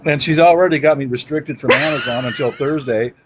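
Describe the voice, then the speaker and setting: A man's voice: fairly high pitch, wildly swooping pitch, fairly quick. A man chatting casually on a live stream, joking and laughing often and slipping into a mock tough-guy voice. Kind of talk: casual live chat banter. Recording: noisy home stream audio.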